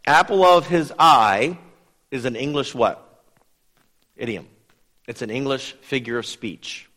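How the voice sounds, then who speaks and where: A man teaching a Bible study in a lively, conversational way, putting questions to his listeners. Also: mid-range voice, slow pace, big-room sound. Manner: lively, asks the audience questions.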